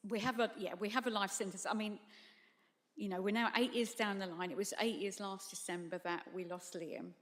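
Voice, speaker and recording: A middle-aged woman, a bereaved mother, giving halting, emotional testimony at a public tribunal. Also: mid-range voice, steady tone, a bit bright. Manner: halting, apologetic, tearful at times. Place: large hall at a public tribunal. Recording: long hall reverb.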